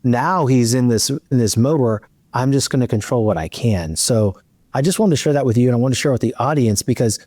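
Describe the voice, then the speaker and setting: A man's voice: mid-range voice, a little fast, no room sound. A middle-aged man hosting a podcast, telling a long story in a casual chat and acting out the dialogue. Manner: animated, acts out dialogue in his storytelling. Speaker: podcast host.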